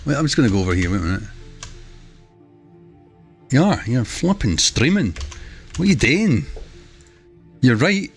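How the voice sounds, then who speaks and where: A man's voice: medium pitch, very animated, moderate pace, pauses often, faint music behind. A man rambling and joking with his chat while live-streaming a game, wearing a headset. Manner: rambling, jokey, talks to chat. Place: home room.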